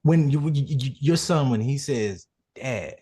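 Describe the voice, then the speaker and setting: A man's voice: medium pitch, moderate pace, warm tone, breathy edge. A man hosting a podcast, asking curious follow-up questions, heard from farther off the mic.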